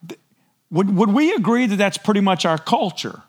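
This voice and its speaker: Lively, conversational male pastor. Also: high voice, normal speed. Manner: conversational, asks the congregation for agreement; clears throat often. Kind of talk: sermon.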